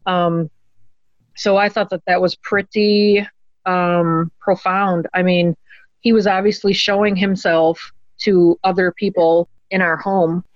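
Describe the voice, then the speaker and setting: A woman guest telling a personal story in an earnest, animated way. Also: on the low side, slow pace, no room sound. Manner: earnest, animated storyteller who acts out quotes. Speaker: interview guest. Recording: dull, dry lo-fi recording.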